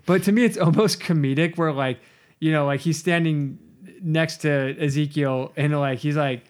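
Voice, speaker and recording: A man with a fairly high voice rambles through a casual Bible study chat. He keeps losing his train of thought, with lots of fillers. He often breaks into little acted-out bits. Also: normal speed. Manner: rambling and animated, full of fillers, acts out voices. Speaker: podcast co-host.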